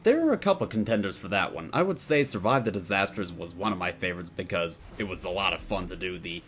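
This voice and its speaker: A young man with a fairly low voice reads out viewer questions and answers them in a relaxed, wry way, now and then slipping into mock-formal replies. He is recorded on a home desk mic, with a faint hiss of room ambience behind him. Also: fast talker. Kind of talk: casual Q&A monologue.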